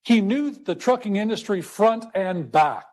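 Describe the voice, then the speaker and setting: High-voiced man telling a story. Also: animated, a little mellow. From Texas. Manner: conversational storyteller, slows for emphasis. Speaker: speaker. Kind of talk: storytelling talk.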